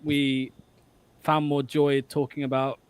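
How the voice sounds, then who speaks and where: A man's voice: medium pitch, level tone, takes it slowly, smooth. A man hosting a football watchalong stream, talking in an upbeat, casual way. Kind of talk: casual chat.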